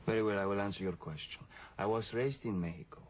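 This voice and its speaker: A man's voice: on the low side, fast, a little hiss or hum, close to an everyday voice. An actor playing a young man who claims to be a legendary lover, formal and theatrical, with a Castilian-tinged accent. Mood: grandiose. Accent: Castilian-tinged English. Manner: formal, theatrical, self-assured.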